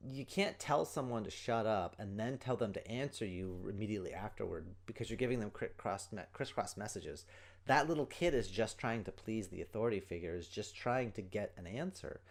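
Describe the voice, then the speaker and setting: A man's voice: lowish voice, lively intonation, a little fast, creaky. A middle-aged man hosting a solo parenting podcast, explaining earnestly and acting out quoted lines as he goes. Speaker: podcast host, parenting coach.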